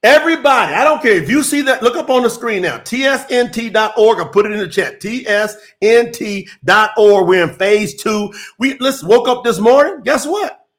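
Man, preacher, high voice, fervent, repetitive phrasing, livestream sermon. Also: expressive, moderate pace, few pauses, a bit bright.

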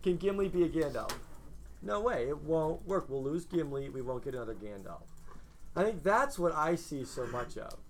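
A man teaching a class, talking to his students in an earnest, animated way. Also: a little high, slight background noise. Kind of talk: classroom lecture.

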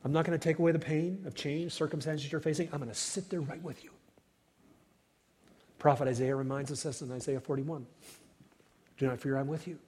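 A man preaching a sermon as pastor, rising to loud cries and falling to hushed whispers. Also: fairly high pitch, steady tone, brisk, pauses often, breathy edge. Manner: dynamic preaching, swells loud then drops to whispers. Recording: long hall reverb.

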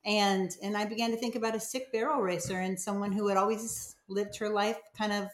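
A woman's voice: mid-range voice, fairly even intonation, fairly quick, hardly any pauses. Middle-aged woman, novelist guest, earnest storyteller, podcast interview, roomy echo. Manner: earnest, retells conversations with quoted voices.

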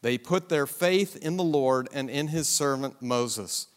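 A man's voice: medium pitch, unhurried, in a large hall. A man teaching a Bible survey lesson in a conversational, emphatic way, with rhetorical questions and asides.

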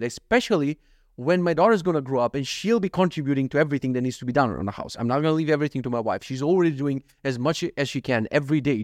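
A man's voice: medium pitch, darkish tone, no room sound, clean studio sound. A man hosting a casual solo podcast, ranting in an exasperated, profane way and often saying "dude". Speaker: podcast host.

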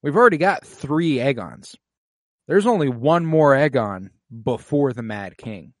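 A man's voice: medium pitch, expressive, a little slow, dry recording, studio quality. A man in casual podcast chat, recapping an episode with feeling, swearing freely and saying "like" often.

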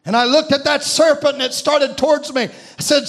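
A man preaching a sermon, retelling a vision with impassioned, shouted peaks and slow, drawn-out phrases. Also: steady tone. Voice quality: high, ringing voice that rises into shouts.

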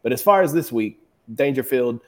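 Man, mid-pitched, confident picks, light teasing. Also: lively intonation, normal speed, a little mellow. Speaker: podcast co-host. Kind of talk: casual sports chat.

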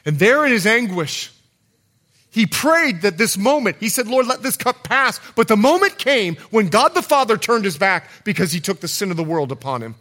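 A man preaching a sermon as pastor, swinging from loud calls to hushed low lines. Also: sing-song, normal speed. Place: church.

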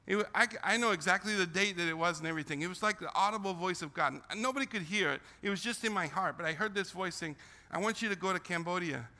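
An older missionary who grew up in the Philippines gives a testimony talk to students, earnest and emotional, repeating himself and restarting as he circles back. His high voice is very bright and forceful, and he talks fast with hardly any pauses. A large hall gives the sound a long reverb.

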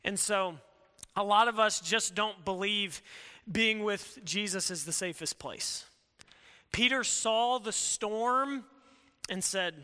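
A man preaching a sermon in a casual, animated way, often acting out quoted voices. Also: sits high, takes it slowly, clean tone. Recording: long hall reverb.

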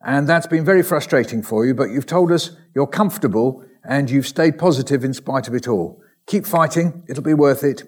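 A man at an ordinary mid pitch reads a string of short letters aloud at a steady, measured pace. Now and then he breaks off with a dry aside or a quiet laugh. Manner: measured reading with wry asides and soft laughs. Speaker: recovered patient reading his ICU diary.

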